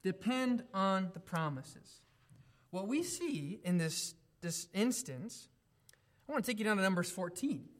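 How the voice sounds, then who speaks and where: A young man preaching a sermon, emphatic, moving between raised exclamations and quiet reflective asides. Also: high voice, sing-song, unhurried.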